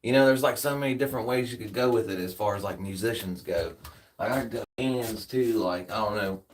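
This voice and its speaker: A man's voice: lowish voice, fairly quick. A man with a Southern US accent chatting casually with viewers, laid-back and slangy, tired after a workout. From United States. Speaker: streamer. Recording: distant from the mic.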